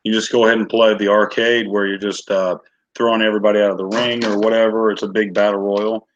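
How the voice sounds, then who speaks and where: A man's voice: fairly low pitch, little pitch movement, fast, no room sound, lo-fi sound. A man chatting casually on a livestream, rambling and searching for words. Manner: rambling, lots of fillers and restarts.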